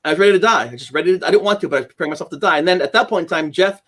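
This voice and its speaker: Earnest man telling a frightening story. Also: racing. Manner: earnest, emotional, acts out quotes with sudden high shouts. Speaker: guest. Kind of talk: personal storytelling in a podcast interview.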